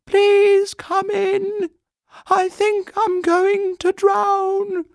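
A man voicing a small, polite young bear in a storybook reading, meek and high-pitched. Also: sing-song, unhurried, mellow, breathy edge, no room sound, clean studio sound. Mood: frightened.

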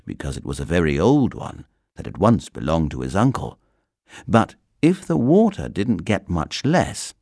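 A man reading a children's story aloud as narrator, gentle and expressive. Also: fairly low pitch, no room sound, clean studio sound.

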